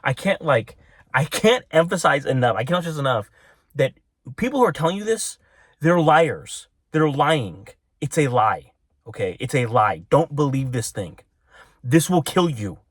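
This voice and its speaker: A man's voice: medium pitch, animated, unhurried, slightly rough, no echo, clean studio sound. A man giving a casual spiritual talk to his viewers, rambling and breaking off into tangents, often with little laughs. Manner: rambling, self-interrupting, laughs at own tangents. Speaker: religious video maker.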